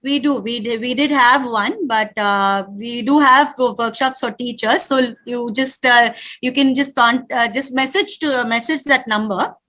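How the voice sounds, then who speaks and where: Lively bright-voiced Indian woman leading games. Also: a little high. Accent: Indian English. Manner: lively, calls out commands in rapid drills. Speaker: workshop leader for parents. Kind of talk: live parent workshop, leading clapping games. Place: room with a live audience.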